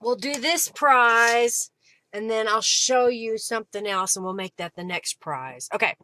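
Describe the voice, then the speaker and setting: A woman's voice: fairly high pitch, unhurried, pushed and bright, a little hiss or hum. A woman hosting a live crafting stream, chatting to viewers by name while narrating each step. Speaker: craft livestream host. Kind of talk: live crafting demo and chat.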